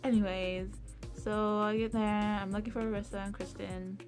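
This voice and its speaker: A young woman vlogging a casual storytime, chatty, acting out quotes in a higher voice. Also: little pitch movement, normal speed, a little mellow, soft background music.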